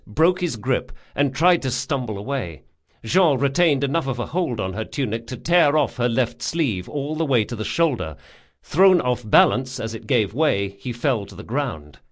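A man narrating an audiobook, reading with dramatic expression. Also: mid-range voice. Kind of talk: scripted narration.

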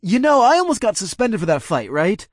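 A man's voice: high voice, sing-song, brisk, no room sound, studio quality, voice pushed up. A man voicing a sneering frat bully. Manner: sneering, mocking. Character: cocky, taunting young frat guy.

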